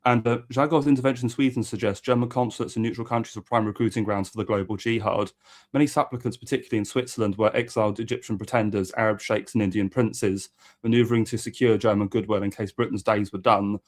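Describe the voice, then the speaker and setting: A man's voice: fairly low pitch, fairly even intonation, quick pace. A man reading a history book aloud as host and adding occasional asides.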